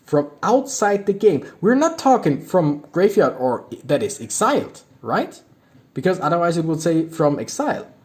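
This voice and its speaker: Man, young adult, higher-pitched voice, lively intonation, reads card text aloud, excitable reactions. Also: moderate pace. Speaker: YouTuber opening card packs. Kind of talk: casual card-opening commentary.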